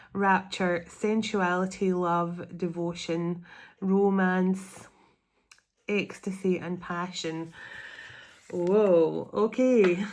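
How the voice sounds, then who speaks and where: A woman giving a spiritual tarot reading, earnest and emotional, slowing down and drawing out the words that matter. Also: on the low side, a little mellow. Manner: emotional, close to tears. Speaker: tarot reader.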